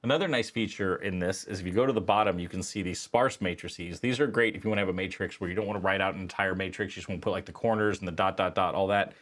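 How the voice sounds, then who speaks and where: A man teaching statistics, walking through a software tutorial in a casual, conversational way with frequent fillers. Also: sits low, fast, few pauses. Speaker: statistics instructor. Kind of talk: screen-recorded software tutorial.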